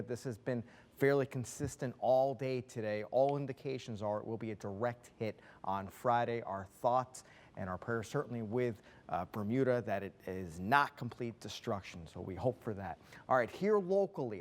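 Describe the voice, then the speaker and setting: A man presenting the weather on a local TV newscast, talking viewers through maps in a brisk, conversational way. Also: medium pitch. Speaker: TV weather forecaster. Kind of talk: broadcast weather forecast. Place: TV news studio.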